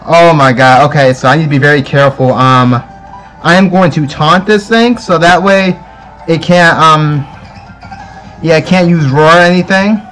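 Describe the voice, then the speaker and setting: A young man hosting a gaming video, gushing with excitement and repeating exclamations as he commentates his gameplay at home. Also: a little high, normal speed, soft background music, poor audio.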